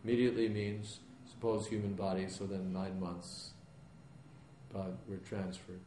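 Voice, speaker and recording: A man teaching a question-and-answer class, explaining calmly in plain words with rising emphasis. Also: low-pitched, measured pace. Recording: echoey room with background noise.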